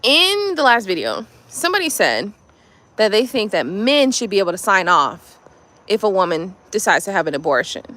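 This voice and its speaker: Woman, casual live chat, blunt and profane, lively swinging pitch, long hall reverb. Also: normal speed. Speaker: tarot reader. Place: indoors at home at night.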